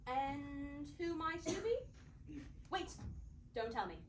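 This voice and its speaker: Genteel lady time traveler, played by a woman, high pitch, theatrical, echoey distant stage recording, noisy. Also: lively intonation, slow pace. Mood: excited. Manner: theatrical, breezy, prim and gushing. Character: genteel female inventor and time traveler, adult, excitable. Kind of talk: live stage acting. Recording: roomy theatre heard from far off, noisy.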